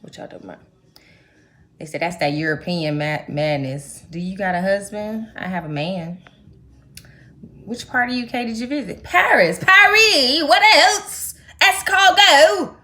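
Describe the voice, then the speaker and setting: A young adult woman from the United States chatting casually to her viewers, telling a trip story in animated, slangy talk. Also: fairly low pitch, normal speed, pauses often. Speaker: vlogger. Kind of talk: casual chat to camera.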